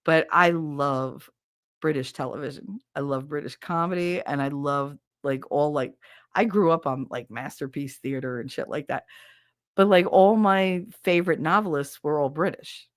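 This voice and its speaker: A chatty woman with a lowish voice hosts a podcast, talking frankly and swearing freely. She laughs often as she reacts to viewer comments. The sound is close and dry. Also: moderate pace, dry recording. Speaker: podcast host. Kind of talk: casual chat reading viewer comments.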